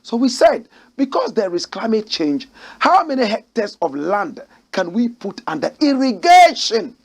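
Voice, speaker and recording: Man from Ghana, talk-show host; emphatic political commentary, high husky voice, repeats lines for effect. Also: big pitch swings, measured pace. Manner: emphatic, exclamatory, repeats key phrases with rising pitch. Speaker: host of a current affairs show. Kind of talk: animated political commentary, reading aloud news quotes.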